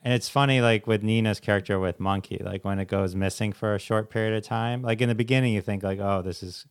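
A man with a fairly low voice, hosting an interview. He talks casually and enthusiastically and heaps praise on his guest's work, often leaning on "like" as a filler. His delivery is relaxed and chatty. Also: quick pace, smooth. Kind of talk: interview chat.

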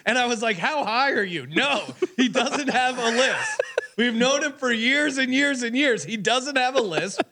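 A man co-hosting a sports betting podcast, quickly rattling off stats and telling stories about his co-hosts. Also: extremely high pitch, noisy background. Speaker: podcast co-host. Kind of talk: casual sports betting chat.

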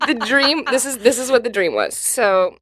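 A woman comedian on a podcast, telling family stories in a casual, animated way and acting out the voices of the people in them. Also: on the high side, moderate pace. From New Mexico, US. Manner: animated, acts out quoted voices. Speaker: comedian guest.

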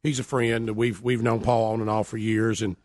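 A man's voice: mid-range voice, level tone, normal speed, darkish tone, no room sound, clean studio sound. A male radio host with a Southern accent who chats casually and rambles with many restarts.

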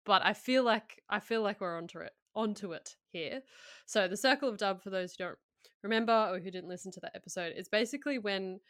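A woman's voice: mid-range voice, fairly bright tone, smooth, no echo, clean studio sound. A woman co-hosting a sports podcast, chatty and a little hesitant. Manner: nervous, chatty, hesitant with ums. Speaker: podcast co-host. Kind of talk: casual sports podcast chat.

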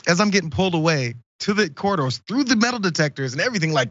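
Man telling stories, animated and dry. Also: on the high side, fast talker, no room sound, muffled recording. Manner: animated, acts out the people in his stories. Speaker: podcast co-host. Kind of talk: casual storytelling.

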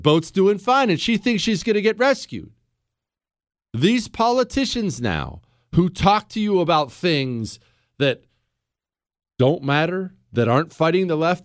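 A man hosting a radio talk show, telling a story and giving commentary in a lively, emphatic way with rhetorical questions. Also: on the high side, no echo, clean studio sound. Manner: animated, laughs at own stories, emphatic rhetorical questions. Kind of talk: casual on-air storytelling and commentary. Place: radio studio.

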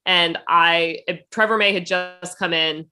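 A woman's voice: lowish voice, fairly even intonation, slow pace, bright, forceful tone. A woman in her thirties co-hosting a casual podcast, playful and joking with frequent laughter. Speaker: podcast co-host. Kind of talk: casual chat.

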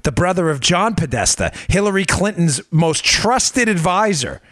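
A male host delivering political commentary with a lively, swinging delivery and a voice pitched somewhat high. He presses his points emphatically and keeps turning to his listeners with pointed questions. The sound is dry and close, with no room around it. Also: moderate pace, dry recording. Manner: emphatic, fires rhetorical questions, addresses listeners as folks. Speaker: podcast host.

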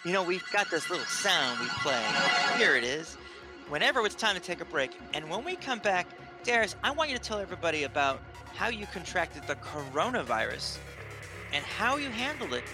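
A man co-hosting a radio talk show, speaking in a relaxed, conversational way. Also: sits high, a little fast, over loud music.

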